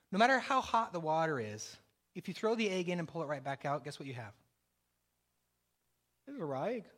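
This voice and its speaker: High-voiced man preaching a sermon. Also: fairly bright tone. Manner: preaching with rising and falling intensity, repetitive emphatic phrasing. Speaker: pastor.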